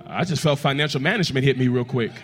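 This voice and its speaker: A man preaching a sermon in a church as pastor, talking straight to the congregation and leading them in prayer, swinging from hushed lines to loud, emphatic ones. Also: mid-range voice, fast talker, faint music behind. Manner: addresses the congregation directly, leads them in prayer.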